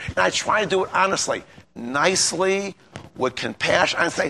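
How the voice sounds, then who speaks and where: A man's voice: high-pitched, normal speed, gravelly, pushed and bright. A man preaching an informal sermon, telling stories in a rambling, folksy way and often asking listeners for agreement. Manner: rambling, folksy, repeats himself and asks the audience for agreement.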